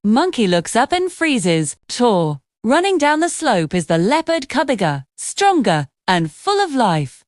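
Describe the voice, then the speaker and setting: A woman reading scripted narration for a children's cartoon story in an expressive storytelling manner. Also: a little high, measured pace, few pauses, dry recording, studio quality.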